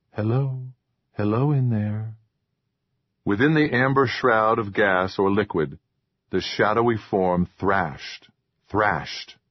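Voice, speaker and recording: A man narrates a horror novel in a low, husky voice and a measured rhythm. The recording is dry and a bit dull, like a home setup. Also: no room sound. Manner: measured, even storytelling. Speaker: audiobook narrator. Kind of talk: scripted narration.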